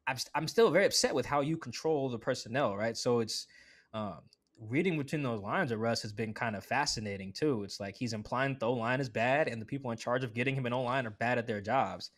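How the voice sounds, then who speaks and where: Chatty man, animated podcast guest. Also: medium pitch. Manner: animated, quick asides, acts out quoted voices; conversational with frequent "like" fillers. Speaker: sports beat writer as podcast guest. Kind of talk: casual podcast chat.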